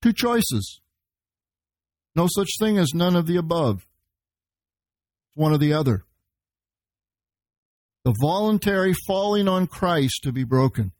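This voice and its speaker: A man preaching a verse-by-verse sermon. His voice sits a little high, and he explains the Greek words behind each passage. The sound is close and dry, with almost no room around it. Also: expressive, slow, pauses often, a little mellow, no echo. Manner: teaching, quoting scripture and Greek words. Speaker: pastor.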